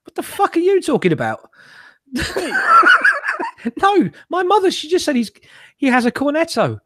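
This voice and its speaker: A man's voice: very high-pitched, huge pitch swings, moderate pace, no echo, studio quality. A man hosting a casual chat show over a video call, rambling, swearing and laughing at his own jokes. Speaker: host.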